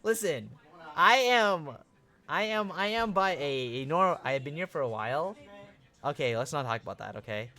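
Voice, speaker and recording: A young male streamer chatting live with his viewers, excitable and quick to swear and laugh at the chat. His voice sits a little high and sounds bright and sharp. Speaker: livestream host. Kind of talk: casual livestream chat with viewers.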